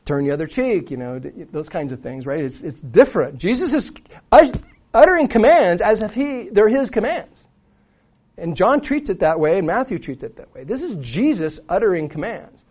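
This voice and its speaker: A man teaching a conversational Bible lesson, animated, checking in with "right?" after many points. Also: high voice. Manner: animated, frequent "right?" asides, restarts. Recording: muffled lo-fi recording.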